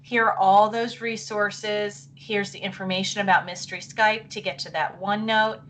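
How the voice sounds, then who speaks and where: A middle-aged woman presenting a live online session for teachers. She talks in a chatty, apologetic way and thinks aloud while clicking through. Her voice wavers and she keeps clearing her throat. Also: medium pitch, fairly even intonation, moderate pace, fairly bright tone, a little hiss or hum.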